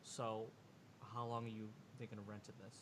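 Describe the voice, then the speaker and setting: A man's voice: on the low side, little pitch movement, normal speed, background noise, lightly acted. A man voicing Marvin, a nervous, sweaty male fixer who rents out vehicles and talks in a hesitant, mumbling way. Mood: wheeling and dealing.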